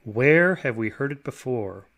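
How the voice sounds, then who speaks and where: A man in his sixties giving a lecture, explaining in a measured way and reading through figures. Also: medium pitch, animated, a bit bright.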